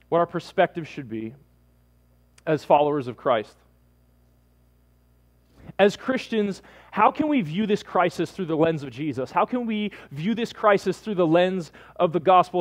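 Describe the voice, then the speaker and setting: A pastor with a high-pitched voice preaches a sermon to people watching from home. He repeats his key lines again and again, and he keeps calling his listeners "man".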